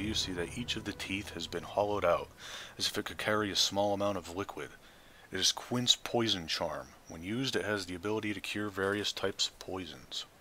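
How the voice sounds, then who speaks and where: In this let's play, a man with a low, sharp voice reads the game text aloud and tosses in dry, offhand asides between passages. Faint game music plays underneath, along with slight background noise.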